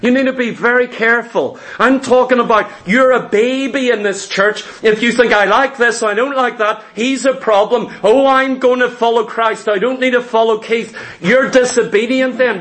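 Pastor guy preaching, really high voice, punchy, keeps firing questions at the crowd. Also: moderate pace, a bit bright. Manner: emphatic, conversational preaching with rhetorical questions. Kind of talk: sermon.

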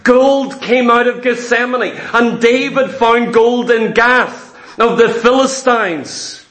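Male preacher, very high voice, impassioned, emphatic sermon, echoey church. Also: takes it slowly, fairly bright tone. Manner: impassioned, emphatic, addresses congregation as saints.

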